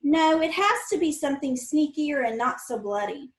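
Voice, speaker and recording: A woman's voice: sits high, animated, moderate pace. A woman doing a bossy, sarcastic young girl. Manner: sarcastic, impatient. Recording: roomy echo.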